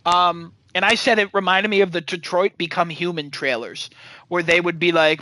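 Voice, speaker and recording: A man's voice: sits high, a little fast, bright, forceful tone, no echo, low-quality recording. A man hosting a casual chat show, recapping a movie in a rambling, sarcastic way with lots of fillers and swearing. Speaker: podcast host.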